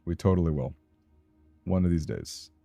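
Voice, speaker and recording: A man's voice: sits low, animated, moderate pace, vocal fry, dark tone, no room sound, soft background music. A man with a Southern Californian accent, chatting in a rambling, casual way with his live-stream audience while he plays a game. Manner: chatty, rambling, answers chat aloud.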